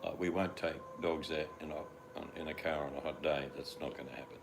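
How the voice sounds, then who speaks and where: A man's voice: a bass voice, fairly even intonation, fairly quick, gravelly, noisy background. An older man with an Australian accent chatting casually at home, rambling and acting out his dogs in quoted voices. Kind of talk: casual chat.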